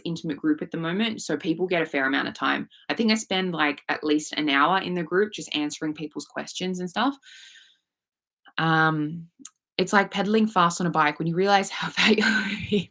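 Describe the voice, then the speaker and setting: A woman's voice: fairly low pitch, fairly quick, a bit bright. A woman with an Australian accent, a manifestation coach talking casually on a livestream, frank and swearing freely. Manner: frank, swears casually, reads viewer comments aloud. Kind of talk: casual live coaching talk.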